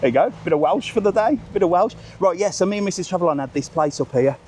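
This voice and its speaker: A man's voice: high-pitched, expressive, fast talker, a little hiss or hum. A middle-aged man chatting cheekily as he walks a resort street live, filming on a handheld phone and greeting passers-by. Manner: chatty, cheeky, swears casually, greets strangers loudly. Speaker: vlogger host. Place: outdoors on a busy resort street.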